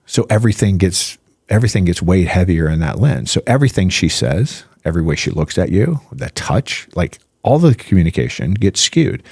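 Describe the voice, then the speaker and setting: A man's voice: low voice, brisk, vocal fry, slightly rough, no room sound, studio quality. A man appearing as a physician guest on a podcast, talking casually and eagerly, stacking rhetorical questions and "right?" checks as he explains. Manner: animated, piles up rhetorical questions and "right?" tags.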